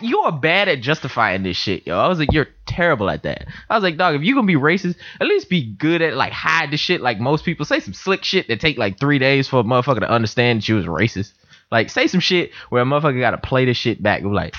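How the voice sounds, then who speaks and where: Animated young man telling stories. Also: on the high side, a little fast, no echo. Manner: animated storytelling with voiced quotes. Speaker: podcast host. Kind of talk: casual chat. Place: room in a house. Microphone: computer mic. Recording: dull lo-fi home recording.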